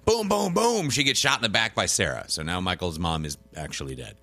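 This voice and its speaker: Podcast host, male, low and bright-toned; rambling, playful storyteller who acts out lines. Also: very animated. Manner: rambling storyteller, acts out characters in quick asides. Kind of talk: casual chat recapping a TV show.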